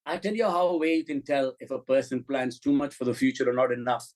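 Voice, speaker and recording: Talking fast in a mid-range voice, this middle-aged filmmaker appears as an interview guest and tells lively, frank stories laced with profanity. He performs the quoted lines himself, and the recording quality is low.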